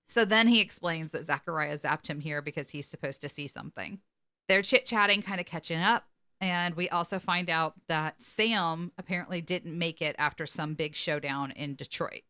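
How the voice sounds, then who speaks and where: Bright-voiced woman co-host, animated casual storyteller. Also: on the low side, normal speed, smooth. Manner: animated retelling, quoting characters with laughs. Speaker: podcast co-host. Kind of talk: casual episode recap.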